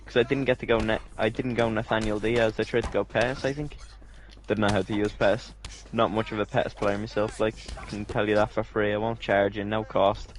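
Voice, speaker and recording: Sweary lad gaming. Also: male voice, lowish voice, level tone, a little fast, slight background noise. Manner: sweary, teasing, says mate constantly. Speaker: gamer. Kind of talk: casual gaming banter.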